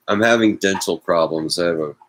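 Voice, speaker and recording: A man with a low, deep voice hosts a loose talk show from his home. He speaks slowly and drifts from topic to topic, with wry, self-mocking asides. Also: slight background noise, rough recording. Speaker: host. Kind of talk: casual political chat.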